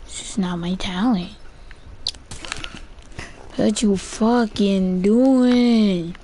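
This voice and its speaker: A woman's voice: medium pitch, extremely slow, dark tone, a little hiss or hum. A woman gamer giving casual gameplay commentary, frustrated and swearing often, with "bruh" in nearly every sentence.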